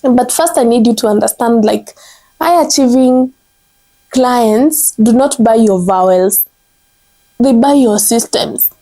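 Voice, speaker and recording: Young Kenyan woman, earnest vlogger with a warm, soft tone, often restarts her phrases. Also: on the high side, slow pace. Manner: earnest, self-correcting restarts, frequent "like". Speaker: content strategist. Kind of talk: motivational vlog talk.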